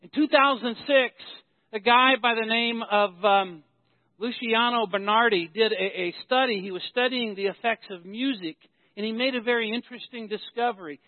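A man's voice: high-pitched, moderate pace, no echo. A man preaching a sermon as pastor, telling stories and building emphasis through repetition. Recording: tinny phone-like, dry sound.

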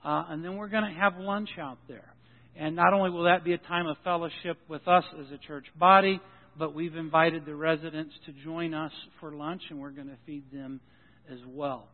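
A man's voice: fairly high pitch, fairly even intonation, normal speed. A man preaching a sermon as pastor of his church, folksy and joking, often restarting his sentences. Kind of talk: sermon with announcements. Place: church sanctuary. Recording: tinny phone-like sound in a reverberant hall.

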